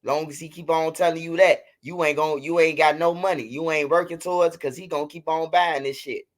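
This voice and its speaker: A man's voice: on the high side, fairly even intonation, brisk. A man with a Chicago accent hosting casual livestream commentary, mocking and trash-talking his critics with lots of repetition. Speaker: commentary host of a street news channel.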